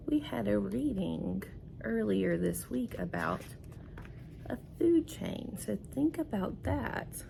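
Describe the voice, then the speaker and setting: A woman's voice: medium pitch, expressive, takes it slowly, creaky, warm tone, a little hiss or hum. A woman teacher giving a recorded reading lesson, patient and explaining step by step.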